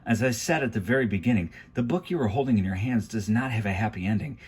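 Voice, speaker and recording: Husky man reading a storybook aloud. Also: fairly low pitch, lively intonation, fast, darkish tone. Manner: wry, confiding asides. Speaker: storybook reader. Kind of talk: reading a children's book aloud. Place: home garage.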